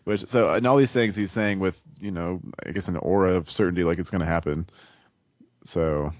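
Brief: male podcast co-host, deep and dry, muses analytically in relaxed chat. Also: moderate pace, dry recording. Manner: thinks aloud, analytical. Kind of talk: casual book discussion.

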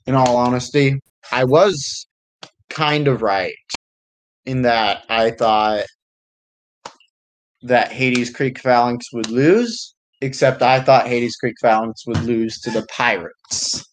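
Slow-talking hesitant young man. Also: medium pitch, fairly even intonation, slight background noise, poor audio. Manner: unhurried, hesitant, lots of ums and restarts. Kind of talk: casual chat about a fictional sports league.

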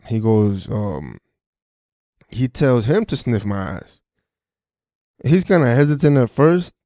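A young man tells a story on his podcast in loose street slang, full of swearing and false starts. His voice is warm and mellow, and the close mic sounds dry with no room echo. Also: mid-range voice. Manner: profane, street slang, frequent restarts. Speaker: podcast host. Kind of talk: casual first-person storytelling.

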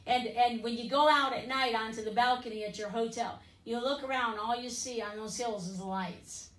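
A woman preacher delivers a fervent broadcast sermon and altar call in a high, bright-toned voice at a moderate pace, pleading with listeners and leaning on "listen" and "amen?". She stands far from the microphone, so the sound is roomy and echoing.

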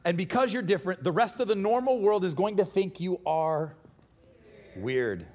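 A man preaching a sermon in a church, casual and joking, with animated bursts of energy. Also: sits high, moderate pace. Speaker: pastor.

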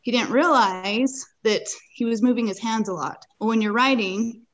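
A woman's voice: fairly high pitch, normal speed, highs cut off. A woman guest on a podcast, recounting a personal experience in earnest, vivid detail. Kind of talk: personal storytelling in a conversation.

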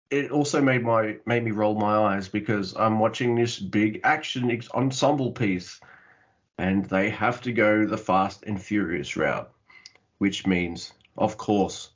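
A man's voice: lowish voice, takes it slowly, dull audio. A man co-hosting a casual movie review podcast, making dry, mocking asides. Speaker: podcast co-host.

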